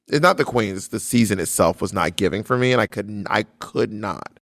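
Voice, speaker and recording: A man talking casually as a guest, an animated storyteller who acts out what others said. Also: on the low side, fast, no room sound, studio quality. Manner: animated storyteller, slips into quoted voices. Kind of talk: casual chat.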